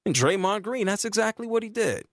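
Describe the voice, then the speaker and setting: A man's voice: fairly quick, dry recording, studio quality. A man hosting a sports talk radio show, arguing his point with emphasis. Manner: emphatic, argumentative, lively pitch swings.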